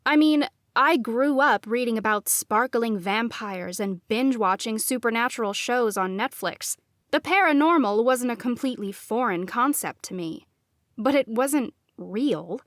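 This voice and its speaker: A woman reading a first-person novel as audiobook narrator, in a measured, expressive delivery. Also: fairly high pitch, no echo, clean studio sound.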